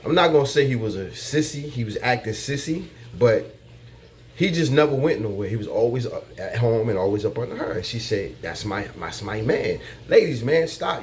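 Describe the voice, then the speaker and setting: A man's voice: medium pitch, darkish tone, slight background noise. A man giving dating advice in a casual monologue, blunt and profane, repeating his points like a lecture.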